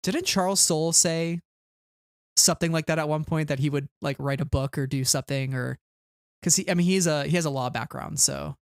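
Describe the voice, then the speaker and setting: A man's voice: on the high side, a little fast, creaky, clear, resonant tone, dry recording, studio quality. A man co-hosting a podcast in casual chat, thoughtful and earnest, sometimes hesitating over his words. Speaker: podcast co-host.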